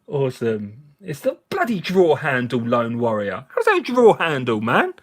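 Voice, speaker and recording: A man's voice: medium pitch, wildly swooping pitch, moderate pace. A man, slightly drunk, hosting a casual live chat with viewers, jokey and chatty and laughing often. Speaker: livestream host. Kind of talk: casual live chat while cleaning finds.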